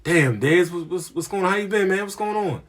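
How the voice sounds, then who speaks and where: A man's voice: medium pitch, lively intonation, fairly quick, darkish tone, husky, voice pushed up. A man voicing a blunt older man in his sixties who scolds and repeats himself insistently. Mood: surprised. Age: 60s.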